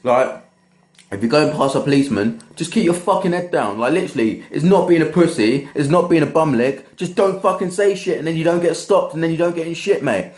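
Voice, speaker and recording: A man's voice: a little high, lively intonation, fairly quick, darkish tone, reverberant. A young man ranting bluntly and with a lot of swearing about his work in event security. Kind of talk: ranting vlog monologue.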